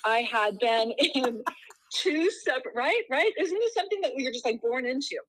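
A woman's voice: high-pitched, animated, normal speed, fairly bright tone, no echo, poor audio. A woman interior designer speaking as a podcast guest in a gracious, conversational way.

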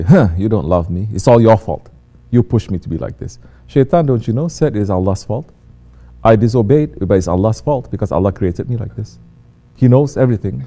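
A man giving a sermon as a religious teacher, acting out quoted voices and swinging between hushed and loud delivery. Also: medium pitch.

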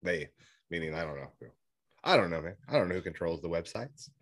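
A man's voice: low voice, animated, fast talker, fairly bright tone, no echo. A young man co-hosting a podcast and telling stories from his stand-up sets, in rambling, irreverent, crude banter. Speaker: podcast co-host and stand-up comic.

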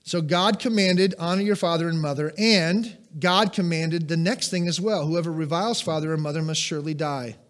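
A man's voice: on the high side, steady tone, normal speed, few pauses. A middle-aged man preaching a sermon, emphatic and asking the congregation questions. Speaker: pastor.

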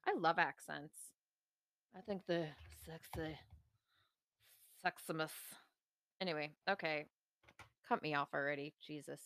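A woman's voice: deep voice, steady tone, measured pace, pauses often, a bit bright, dry recording, studio quality. A woman co-hosting a podcast in casual chat, rambling and giggling with lots of fillers. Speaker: podcast co-host.

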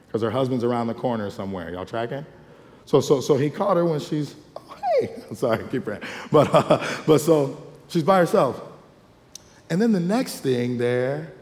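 A male pastor, preaching a lively sermon with call-and-response asides and acted-out quotes. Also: medium pitch. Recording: long hall reverb.

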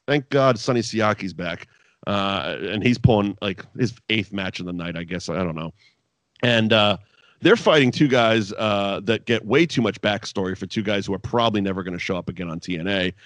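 Casting note: over-caffeinated male podcast co-host, exasperated and sweary, bursts up high when annoyed, dry close sound. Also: normal speed, fairly bright tone, dry recording. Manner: exasperated, sweary, ranting with sudden high outbursts. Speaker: podcast co-host reviewing wrestling. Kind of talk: casual profane rant.

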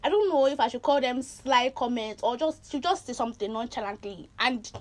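A young woman with a high, light voice talks freely with her sisters. She breaks into pidgin and laughter as she speaks. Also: brisk. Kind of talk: casual chat among sisters.

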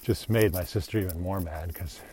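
A man's voice: low voice, a little fast, warm tone, a little hiss or hum. A man hosting his own podcast, talking in a rambling, reflective, self-deprecating monologue. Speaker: podcast host.

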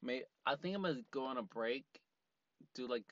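A man's voice: mid-range voice, lively intonation, normal speed, a bit bright, highs cut off. A man hosting a casual solo podcast from a parked car, rambling with lots of fillers and frequent laughs. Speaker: podcast host.

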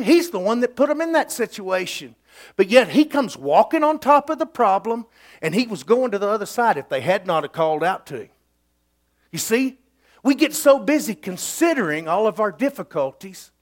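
A middle-aged man preaching a sermon in a folksy, emphatic storytelling way. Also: sits high.

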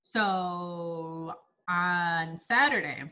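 A woman in her twenties chats casually with a friend, telling a comic story. She sounds animated and laughs often. Her voice is bright and forceful. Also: on the low side, drawn-out words. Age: 20s. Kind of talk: casual chat.

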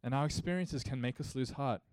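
His mid-range, warm, mellow voice moves a little fast in this sermon, recorded dry and close with no echo. He argues earnestly, driving each point home with emphatic rhetorical questions in the manner of a pulpit pastor.

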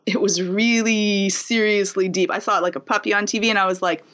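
A woman's voice: mid-range voice, fairly even intonation, fairly quick, a bit bright. A woman who works as a therapist, a guest in a casual interview, earnestly explaining things with homely everyday examples. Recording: dull lo-fi sound.

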